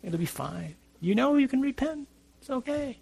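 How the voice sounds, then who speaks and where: A man voicing a sly little male devil whispering on someone's shoulder in a soft, coaxing, hushed way, within a religious talk. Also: very high-pitched, animated, moderate pace, gravelly, slightly rough, voice pushed up, heavily acted.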